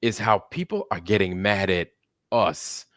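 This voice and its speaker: A man's voice: deep voice, normal speed, a bit bright, no room sound, studio quality. A man hosting a casual live-stream chat, emphatic and profane, often agreeing with his co-host.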